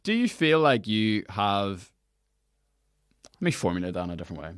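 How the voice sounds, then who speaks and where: A man's voice: fairly low pitch, very animated, normal speed, clear, resonant tone, no room sound, studio quality. A man hosting a podcast, chatting in a candid, casual way. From Northern Ireland. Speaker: podcast host. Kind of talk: casual interview chat.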